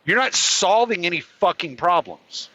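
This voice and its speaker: Furious high-voiced man ranting. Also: expressive, a little slow, sharp tone, low-quality recording. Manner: furious, profane, heated ranting. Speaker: podcast host. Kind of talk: angry ranting monologue.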